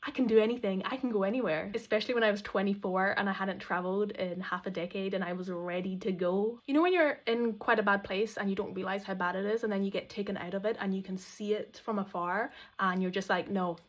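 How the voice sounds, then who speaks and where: A Scottish woman in her thirties narrates her own vlog in a chatty, candid way. She sits at a middling pitch, neither high nor low. Her telling turns reflective as she talks it through. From Outer Hebrides, Scotland. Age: 30s. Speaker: vlogger. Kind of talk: personal storytelling voice-over.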